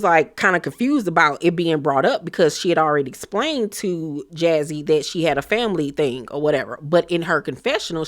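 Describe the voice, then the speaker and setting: A woman giving a sassy, blunt, slang-filled casual recap of a reality show, laughing as she rants. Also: lowish voice. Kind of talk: casual gossip recap commentary.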